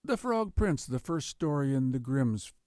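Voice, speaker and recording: A man being interviewed as a storyteller, talking in a halting way with many restarts, lively when he tells a tale. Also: medium pitch, dry recording, clean studio sound. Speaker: storyteller guest. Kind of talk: interview with told stories.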